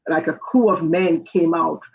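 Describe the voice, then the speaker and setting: Halting woman with a gravelly voice. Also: sits low. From Jamaica. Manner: halting, many restarts and fillers. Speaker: guest. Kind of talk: personal testimony. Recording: dull lo-fi audio.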